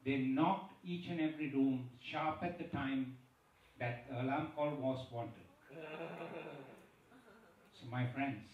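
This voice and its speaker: A man's voice: medium pitch, steady tone, slow, long pauses, narrow, tinny audio. Man rousing a crowd in an echoey hall. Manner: rousing, builds to a climax. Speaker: conference speaker. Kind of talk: closing remarks of a speech. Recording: echoey hall from a distant mic.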